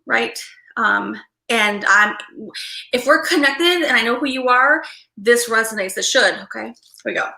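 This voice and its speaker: A woman hosting a live collective tarot reading, excitable and rambling, who keeps checking in with her listeners. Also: a little high, echoey room, poor audio. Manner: excitable and rambling, with frequent "okay?" and "right?" check-ins. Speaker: tarot reader and livestream host.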